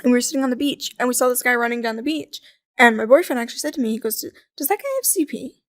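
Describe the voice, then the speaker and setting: A young adult woman chatting as a podcast guest, telling lively stories, acting out quoted voices and laughing often. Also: fairly high pitch, rapid-fire, dry recording, clean studio sound. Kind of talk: casual conversational interview.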